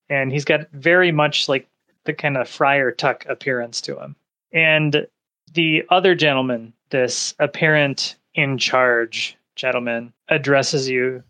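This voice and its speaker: A man narrating a tabletop game as game master, describing scenes in a casual, unhurried way. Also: mid-range voice, sharp tone.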